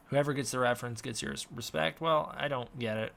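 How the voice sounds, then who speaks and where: A man's voice: mid-range voice, brisk, creaky, fairly bright tone. A young man casually answering chat questions on a live stream from his room, mumbling and unsure of himself. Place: home room with a snake tank.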